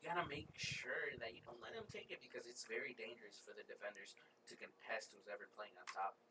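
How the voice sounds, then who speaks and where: A man's voice: mid-range voice, fast talker. A man giving color commentary on a competitive video game match, explaining tactics and repeating points. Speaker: esports analyst. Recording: distant mic with faint hiss.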